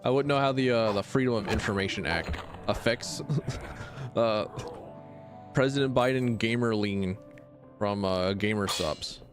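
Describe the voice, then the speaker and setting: A man's voice: on the low side, unhurried, pauses often, over music. A man streaming a video game, talking in a casual, rambling way and often stammering and restarting his sentences as he jokes. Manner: rambling and stammering, with frequent restarts and jokey asides. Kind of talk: casual let's-play commentary.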